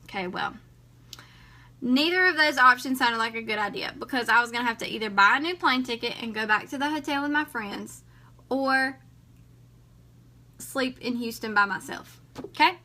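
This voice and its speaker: A woman's voice: fairly high pitch, moderate pace, pauses often. A woman, a vlogger telling a story casually to her viewers and acting out the dialogue. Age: 20s. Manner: chatty, animated, acts out dialogue.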